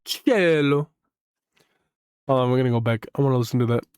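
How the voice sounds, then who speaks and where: A young man giving casual reaction commentary as a gaming YouTuber, excitable and rambling, swearing and saying "like" a lot. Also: medium pitch, very fast, clean tone, no echo, studio quality.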